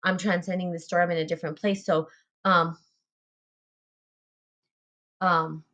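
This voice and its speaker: A woman's voice: lowish voice, little pitch movement, a little slow, fairly bright tone, highs cut off. A woman hosting a spiritual group talk, speaking earnestly about self-love, repeating phrases and using fillers. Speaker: podcast host.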